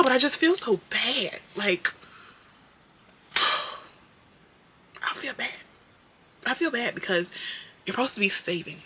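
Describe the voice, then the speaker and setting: A young woman doing her makeup while chatting to her viewers, candid and profane, slipping from muttered whispers into loud bursts. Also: a little high, lively intonation, unhurried, long pauses, background noise. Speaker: beauty vlogger.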